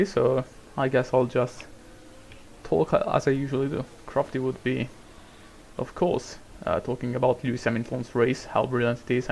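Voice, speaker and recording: With vocal fry in his mid-range voice, a man rambles through casual commentary on a racing management game, cursing a lot and breaking into shouts at his drivers. Slight background noise is audible.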